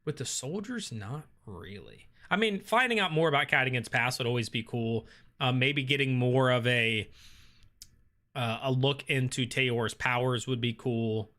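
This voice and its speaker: A man's voice: mid-range voice, normal speed, bright, forceful tone. A man hosting a casual live stream, reading viewer comments aloud and thinking aloud with many ums and uhs. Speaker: host reading live chat.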